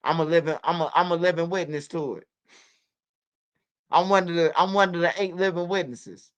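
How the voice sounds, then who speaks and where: A woman's voice: fairly low pitch, moderate pace, clear, resonant tone. A woman hosting her channel, telling stories in casual, profane, repetitive livestream commentary. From Chicago. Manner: profane, repetitive, animated storytelling. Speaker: channel host.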